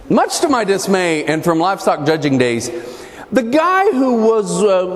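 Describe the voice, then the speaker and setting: A man gives a humorous motivational keynote with punchy comic timing. His fairly high voice swoops up and down as he tells the story. He is heard in a large, echoey hall with faint room noise. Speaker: keynote speaker.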